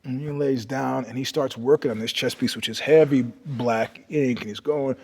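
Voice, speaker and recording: Husky man telling stories, roomy reverb. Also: mid-range voice, moderate pace. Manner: animated storyteller, swings from loud bursts to hushed asides. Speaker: podcast guest. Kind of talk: storytelling in casual conversation. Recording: long reverb.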